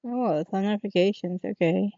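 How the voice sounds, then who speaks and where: A woman's voice: medium pitch, brisk, vocal fry, no echo. Brief: woman channel host, casual reaction chatter, dry, slightly dull lo-fi recording. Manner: relaxed, chatty asides.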